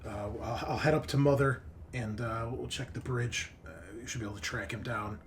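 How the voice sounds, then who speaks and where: A man voicing a gruff female marine lieutenant who barks orders and swears. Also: medium pitch, fairly even intonation, fairly quick, slight background noise, lightly acted. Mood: urgent.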